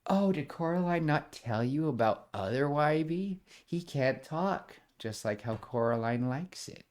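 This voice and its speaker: A man's voice: fairly high pitch, animated, a little slow, a little mellow, voice pushed up. A man voicing a sly, mocking young woman who is a sinister double.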